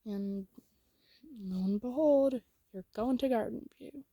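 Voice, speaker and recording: Whispered role-play narrator, woman, soft and intimate, dark and mellow tone, dry sound. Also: a little high, takes it slowly, dry recording. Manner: soft and intimate, second-person storytelling.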